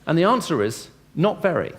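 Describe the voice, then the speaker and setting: Here a man with a fairly high voice speaks fairly quickly, his pitch swinging widely. He is a Christian speaker giving a lecture-style evangelistic talk to a live audience, chatting conversationally, asking questions, and dramatizing dialogue with shifts in tone.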